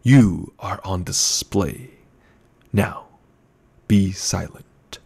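A man voicing a gluttonous, scheming older male baron who speaks slowly and condescendingly. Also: low voice, creaky, darkish tone, slightly rough, exaggerated voice. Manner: slow, menacing and condescending.

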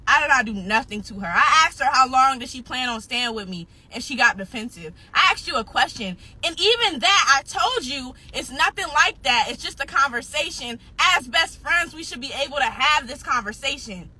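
A woman's voice: high-pitched, lively intonation, moderate pace, few pauses, sharp tone, breathy edge. A nineteen-year-old woman venting on a livestream, upset and defensive, swearing heavily and repeating herself, close to tears at times. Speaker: social media personality.

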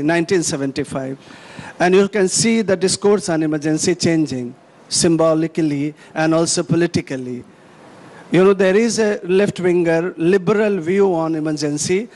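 A man asks a long, discursive question from the audience. His voice sits high and carries earnestly. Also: normal speed, darkish tone. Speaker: audience member asking a question.

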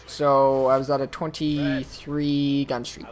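A man's voice: medium pitch, monotone, takes it slowly. A man giving casual, rambling gameplay commentary, talking straight to his viewers. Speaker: YouTube gamer.

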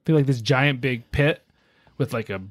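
A man hosting a podcast, telling a story in a relaxed, chatty way with lots of fillers. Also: mid-range voice, normal speed, dry recording, clean studio sound. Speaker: podcast host. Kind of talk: casual storytelling chat.

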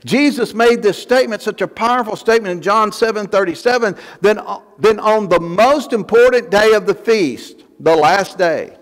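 A man's voice: high voice, moderate pace. A male pastor preaching a fervent sermon, building emphasis through repeated phrases. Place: church sanctuary. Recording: long church hall reverb.

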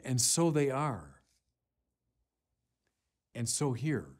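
Preaching on a Sunday, a bishop speaks slowly and earnestly in measured phrases with pauses, rising in power as he quotes scripture. His mid-range voice is slightly mellow, with lively intonation.

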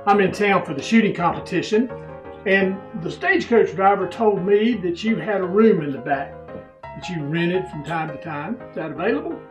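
A man's voice: high-pitched, animated, normal speed, reverberant, far from the mic, over music, poor audio. A man playing an earnest undercover government agent with polite manners.

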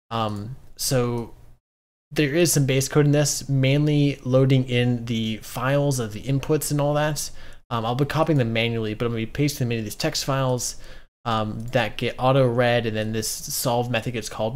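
A man casually talking through his code as he solves a programming puzzle, with lots of ums and uhs. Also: mid-range voice. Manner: relaxed, many ums and uhs, thinks aloud. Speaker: coding streamer. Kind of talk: casual coding walkthrough.

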